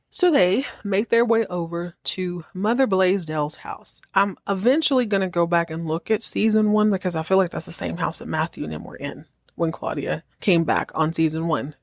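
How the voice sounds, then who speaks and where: A woman podcast host giving a casual show recap, telling the story in an animated, joking way. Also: on the low side, moderate pace, hardly any pauses, no echo, studio quality.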